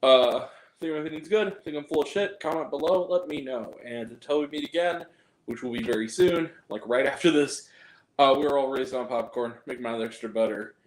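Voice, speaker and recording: A man's voice: mid-range voice, moderate pace, roomy sound, rough recording. A man hosting a casual spoken movie review, ranting and swearing in exasperation.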